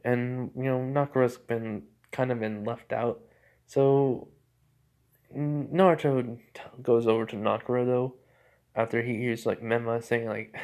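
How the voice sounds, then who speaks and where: A man's voice: medium pitch, steady tone, measured pace, darkish tone. A man casually retelling a fan story, rambling and often correcting himself mid-sentence with lots of filler words.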